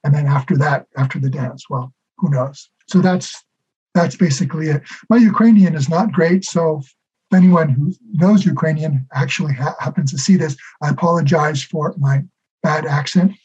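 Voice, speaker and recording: A man's voice: on the high side, normal speed, a little mellow, slightly rough. A man in his sixties, a guest in an interview, talking in a friendly, thoughtful and modest way. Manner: friendly, thoughtful, self-deprecating. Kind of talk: casual interview conversation. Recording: dull lo-fi audio.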